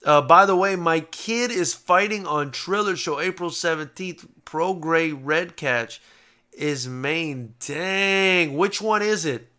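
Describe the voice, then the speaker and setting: A man hosting a live post-fight boxing reaction stream, chatting casually, getting excited and swearing freely. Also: on the high side, slow. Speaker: boxing show host.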